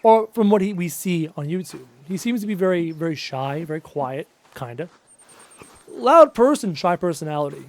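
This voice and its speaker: A man's voice: a little high, expressive, moderate pace. A man around thirty chatting casually and upbeat with viewers on a live gaming stream. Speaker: gaming livestreamer. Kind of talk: casual live-stream chat while playing.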